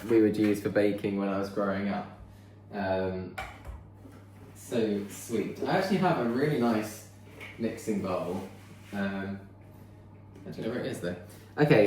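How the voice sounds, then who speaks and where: The fairly low voice of a vlogger baking in his home kitchen comes through reverberant, with a noisy background. He chats casually, rambling and thinking aloud as he works.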